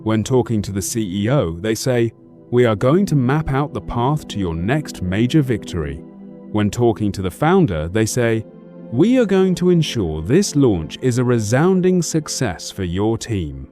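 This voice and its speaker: Male self-help audiobook narrator, measured and authoritative, mellow tone with lively pitch movement, soft music underneath. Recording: faint background music.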